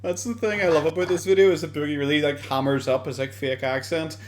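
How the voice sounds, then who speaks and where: A tipsy Irish man with a Dublin lilt rants and rambles, swearing and snorting with laughter as he mocks what he is watching. His voice sits a touch higher than most men's. The talk is loose, slurred-edged commentary. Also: steady tone, quick pace, slight background noise. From Ireland. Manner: ranting, mocking, swears often, laughs between lines. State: drunk.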